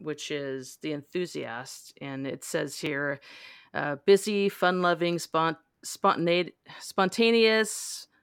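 A woman hosting a casual book discussion, talking in a halting way with lots of fillers. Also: fairly low pitch, a bit bright, clear, resonant tone, no echo, studio quality. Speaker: podcast host. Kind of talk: casual book-club chat.

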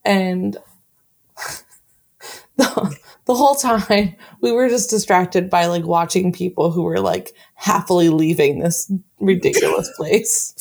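Woman co-host, gravelly fry, chatty anecdotes. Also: fairly low pitch, slow, a little mellow. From Ohio, USA. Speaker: podcast co-host. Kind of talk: casual storytelling.

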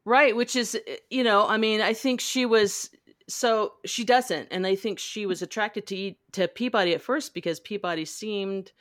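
A woman hosting a casual book discussion, talking in a halting way with lots of fillers. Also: medium pitch, fairly bright tone, no room sound, clean studio sound. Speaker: podcast host. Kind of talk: casual book-club chat.

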